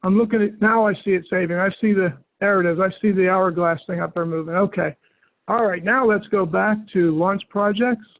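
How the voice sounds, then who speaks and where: High-voiced male trainer on a tinny line. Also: a little fast, no room sound. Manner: relaxed, patient, step-by-step instructions. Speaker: software trainer. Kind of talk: live software training over a call. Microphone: call audio. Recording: tinny phone-like line, dry.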